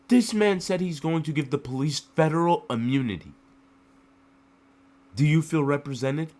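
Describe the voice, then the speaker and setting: A man's voice: on the high side, darkish tone. A man from the United States giving an emotional political rant to the camera, full of rhetorical questions and repeated phrases.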